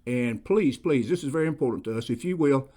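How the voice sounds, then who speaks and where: A man with a Southern US accent, a former police investigator hosting a show and telling wry, folksy stories at an unhurried pace. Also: medium pitch, lively intonation, warm tone. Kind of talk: folksy storytelling.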